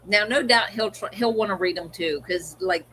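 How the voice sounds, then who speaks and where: A woman's voice: medium pitch, normal speed, a bit bright, rough recording. Middle-aged lady cohost, chatty, tells family stories, bit of noise in the back. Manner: chatty storyteller, acts out family quotes. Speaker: co-host of a livestream. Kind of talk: casual chat.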